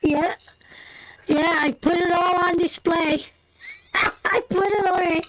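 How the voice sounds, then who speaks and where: This is a woman with a strikingly high voice telling a story on her live stream. She talks loosely and colloquially, saying "me" instead of "my", with plenty of laughter. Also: takes it slowly, noisy background. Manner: animated storyteller, breaks into laughter; colloquial, drops into "me" for "my". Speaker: tarot live-stream host. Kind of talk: casual anecdote telling.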